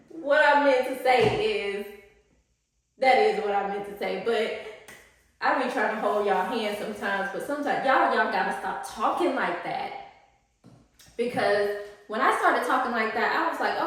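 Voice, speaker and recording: A woman life coach chatting in a playful, slangy vlog style with a fairly high voice. The sound rings heavily around the room, and she sits back from the mic. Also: moderate pace, fairly bright tone, very echoey, far from the mic. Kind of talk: casual vlog talk.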